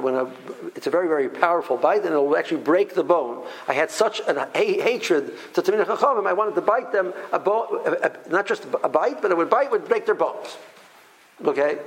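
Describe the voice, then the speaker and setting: Middle-aged guy giving a torah class, kinda high voice, keeps stuttering and restarting, tells it with feeling. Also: low-quality recording. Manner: halting, repeats words and restarts often; emphatic storytelling, mixes Hebrew terms. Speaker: Torah teacher.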